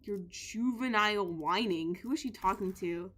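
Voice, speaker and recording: A young woman streamer giving playful, goofy commentary on a game, animated and jokey with bursts of shouting. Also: medium pitch, normal speed. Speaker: gaming streamer.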